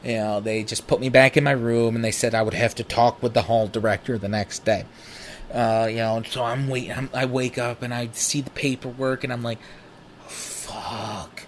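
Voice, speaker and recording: A man's voice: medium pitch, brisk, a little hiss or hum. A young man telling a personal story in a candid, profane, casual way. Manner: candid, profane, animated retelling. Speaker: podcast host.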